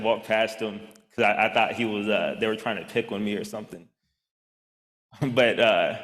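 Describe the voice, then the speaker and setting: A man's voice: on the low side, fairly bright tone. A young man giving a keynote speech as a personal story, acting out quoted lines with many fillers. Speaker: keynote speaker. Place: large event hall. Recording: reverberant hall.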